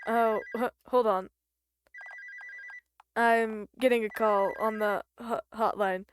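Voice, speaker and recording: A woman's voice: fairly high pitch, steady tone, slow, slight background noise. A woman voicing a nervous, self-pitying male character with a phone for a head, who stammers a lot. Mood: flustered.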